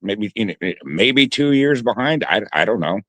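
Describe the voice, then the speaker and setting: A man's voice: on the low side, expressive, moderate pace, fairly bright tone, dry recording. A man co-hosting a sports talk show, talking casually and hesitantly with frequent restarts. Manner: hesitant, many restarts and fillers.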